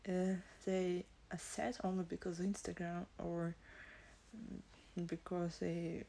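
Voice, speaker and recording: A young woman talks on a live stream in a low, mellow voice, slow and unhurried. Her delivery is halting and hesitant, with many pauses to search for words. She sounds emotional and on the edge of tears, and her pitch stays flat. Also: slight background noise. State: emotional, teary. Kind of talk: casual live stream talk.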